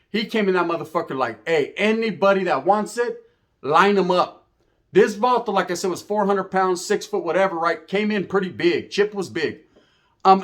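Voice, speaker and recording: Male storyteller, casual and slangy, animated quoted voices, slightly higher pitch.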